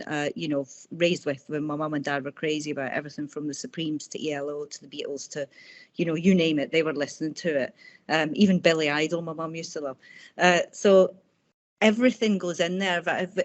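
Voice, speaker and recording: A woman author talking in a casual interview over a video call, telling personal stories warmly and restarting her sentences often. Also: deep voice. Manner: warm, chatty storytelling with frequent restarts. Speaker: author guest.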